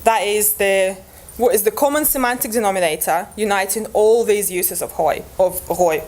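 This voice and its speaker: A woman's voice: medium pitch, moderate pace, darkish tone, a little hiss or hum. A woman presenting linguistics research at an academic conference, explaining step by step with frequent restarts and fillers.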